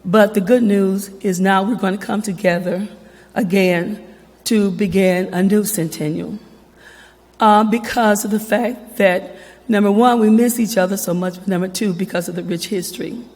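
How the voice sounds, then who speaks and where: A woman addresses an audience with a voice congested from allergies, a little out of breath and informal. Her pitch is middle for a woman. The long reverb of a large hall trails her words. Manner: warm, slightly breathless, informal. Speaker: foundation representative. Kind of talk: public remarks. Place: event hall.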